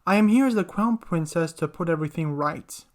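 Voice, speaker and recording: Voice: medium pitch, a little fast, close to an everyday voice. Earnest young princess read by the narrator, formal diction. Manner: formal speech.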